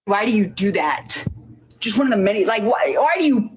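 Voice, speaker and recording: A woman's voice: mid-range voice, sing-song, brisk, breathy edge, low-quality recording. A woman in a played clip, ranting profanely and mocking someone with repetition.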